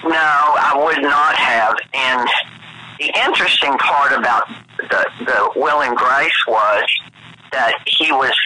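A man's voice: mid-range voice, slow, sharp tone, low-quality recording. A man with a Southern accent, a guest actor telling campy, chatty stories in an interview. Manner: chatty, campy storyteller, calls people honey. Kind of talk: anecdotal interview chat.

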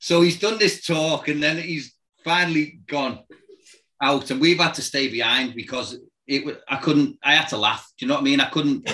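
A former football manager telling lively anecdotes in casual chat, acting out voices and noises and laughing often. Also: male voice, fairly high pitch, moderate pace, low-quality recording.

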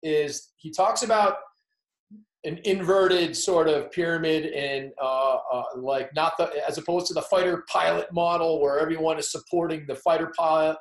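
A man's voice: fairly high pitch, fairly even intonation, normal speed, roomy sound, rough recording. A man interviewing a coach, asking long, hesitant questions full of fillers.

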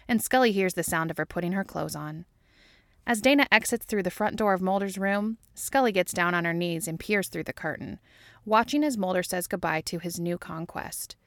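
Low-voiced woman reading a story. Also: normal speed, vocal fry, a bit bright, dry recording, clean studio sound. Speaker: audiobook reader. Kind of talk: fan fiction reading.

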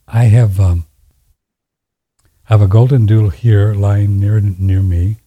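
Low, husky, mellow-voiced man. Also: steady tone, measured pace, pauses often, dull audio. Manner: folksy, rambling, repeats himself. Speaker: radio show host. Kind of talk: casual conversation.

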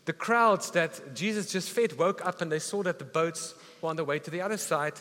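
A man preaching a sermon, retelling a story with animated, emphatic delivery. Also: on the high side, normal speed. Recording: reverberant hall with faint music.

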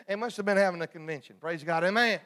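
A man's voice: high-pitched, quick pace, a bit bright. A man preaching a sermon in a folksy, humorous call-and-response style.

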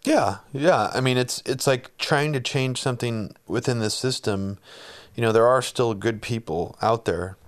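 A man interviewing in a casual conversation, talking in halting, restarting phrases. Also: mid-range voice. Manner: halting, restarts often, supportive.

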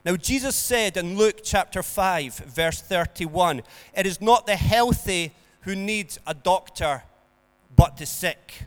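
Male preacher, earnest sermon delivery, unhurried, reverberant hall sound. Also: sits high, animated. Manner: earnest, builds to emphatic peaks then drops soft.

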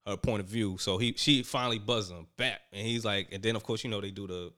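A man casually recapping events, animated and quoting people as he goes. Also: fairly low pitch, quick pace. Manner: animated storyteller, quotes people in raised voices. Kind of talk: casual chat recapping a reality show.

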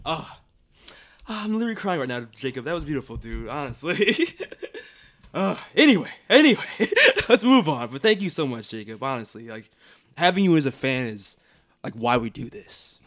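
A young man co-hosting a podcast in casual chat, effusive and quick to laugh, with lots of filler words. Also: fairly high pitch, very animated, a bit bright. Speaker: podcast co-host.

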